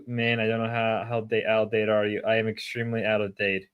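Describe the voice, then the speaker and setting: Sick male streamer, bright tense voice, rambling casual chat with loud outbursts. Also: on the low side, fairly even intonation, brisk, few pauses.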